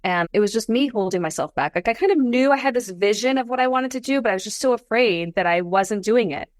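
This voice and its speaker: A woman in her forties, a podcast guest, telling her story in a casual interview, animated and climbing into high exclamations. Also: fast talker, no echo, studio quality. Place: Los Angeles.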